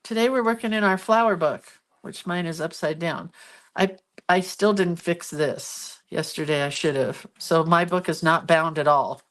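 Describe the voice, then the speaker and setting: A woman's voice: fairly low pitch, normal speed. A congested, sniffly woman hosting a casual crafting demo, chatting and laughing at herself while she works. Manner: chatty, self-deprecating, talks while working. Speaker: craft video host.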